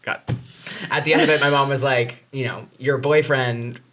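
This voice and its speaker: A young man hosting a podcast, talking in a lively, playful way in casual chat. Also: mid-range voice, moderate pace. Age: young adult. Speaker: podcast host.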